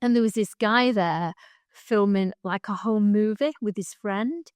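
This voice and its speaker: A woman's voice: mid-range voice, measured pace, a little mellow, clear, resonant tone, no room sound. A middle-aged woman, co-hosting a podcast and telling a long, heartfelt story in casual chat, rambling and laughing along the way. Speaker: podcast co-host.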